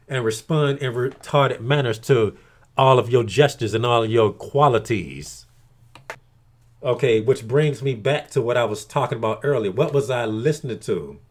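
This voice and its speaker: Male vlogger, casual crude monologue, swears freely, rambles with many "okay"s, average pitch. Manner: crude, profane, repeats "okay" often. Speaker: video blogger.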